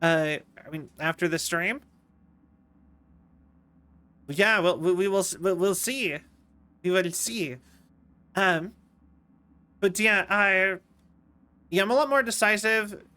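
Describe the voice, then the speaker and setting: Bright-voiced rambling male streamer. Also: sits high, slow, pauses often, clear, resonant tone. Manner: rambling, self-interrupting, playful. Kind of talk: casual gameplay commentary.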